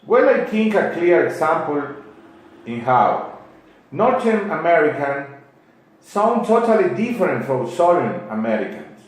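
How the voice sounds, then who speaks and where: A man, a teacher explaining English dialects slowly and with some hesitation in an interview. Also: fairly high pitch, sing-song. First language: Spanish. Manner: slow, deliberate, a little halting. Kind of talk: explanatory answers in a class interview. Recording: very echoey room.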